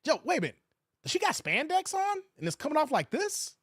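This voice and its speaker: Guy doing livestream reaction commentary, high voice swinging all over, slangy, dry close mic. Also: brisk, no echo. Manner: animated, talks to the chat in slang, mocking asides.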